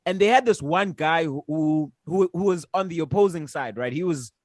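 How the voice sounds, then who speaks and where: A man's voice: fairly high pitch, expressive, moderate pace, dry recording, studio quality. A man co-hosting a casual podcast, telling a story in a heated, emphatic, profane way. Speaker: podcast co-host. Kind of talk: casual chat.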